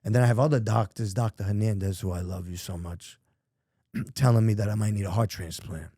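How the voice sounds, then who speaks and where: A middle-aged man from New York, guesting on a podcast, shares his life story candidly in profane, emphatic street language. He speaks briskly in a lowish, mellow voice with a breathy edge, recorded cleanly in a studio without room sound.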